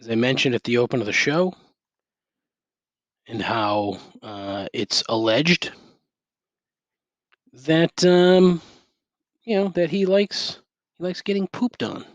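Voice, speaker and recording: A man's voice: mid-range voice, slow pace, long pauses, no room sound, highs cut off. A middle-aged man hosting a solo podcast, ranting sarcastically and swearing constantly, wired on caffeine, talking into a headset mic at home. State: over-caffeinated. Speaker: podcast host. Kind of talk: profane solo rant. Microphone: gaming headset.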